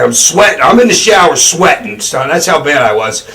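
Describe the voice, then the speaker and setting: A man's voice: fairly high pitch, animated, brisk, gravelly, pushed and bright. A man telling a rambling, profane story with lots of laughter in a casual interview.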